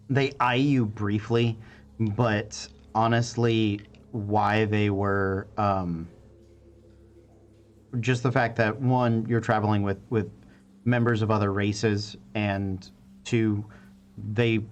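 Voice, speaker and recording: Brief: unhurried male game master with a lowish voice, narrating haltingly with many pauses. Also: fairly even intonation. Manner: halting, many fillers and restarts.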